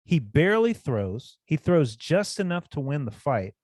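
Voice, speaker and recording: A man's voice: on the high side, very animated, unhurried, a little mellow, dry recording, studio quality. A man co-hosting a casual podcast, ranting bluntly and cursing a lot. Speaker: podcast co-host. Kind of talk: casual chat.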